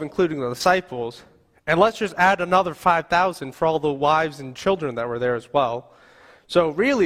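A male youth pastor giving a casual, animated Sunday sermon in a church, sometimes acting out quoted voices. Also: on the high side. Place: church sanctuary. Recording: long hall reverb.

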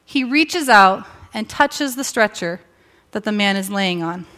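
A woman pastor preaching a sermon, telling a Bible story with emphatic pauses and rhetorical questions. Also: mid-range voice, lively intonation, sharp tone.

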